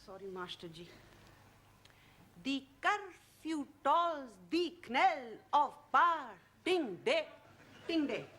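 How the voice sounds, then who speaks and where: An actress playing an earnest adult student reciting a poem in halting, broken English in a sitcom. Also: female voice, high-pitched, big pitch swings, fairly bright tone, heavily acted. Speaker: adult evening-class student. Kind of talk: 1970s studio sitcom acting.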